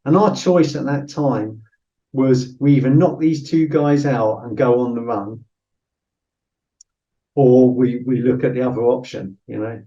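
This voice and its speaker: In a casual storytelling interview, a British ex-soldier in middle age appears as a podcast guest, talking bluntly, cursing freely, and leaning heavily on "you know." His voice is warm, medium-pitched, and unhurried, and the recording sounds roomy, distant, and dull.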